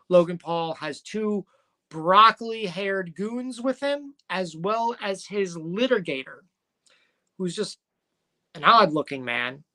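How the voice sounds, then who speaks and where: A man's voice: fairly high pitch, pushed and bright. A man co-hosting a casual wrestling recap, rambling and joking and correcting himself as he goes. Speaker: podcast co-host.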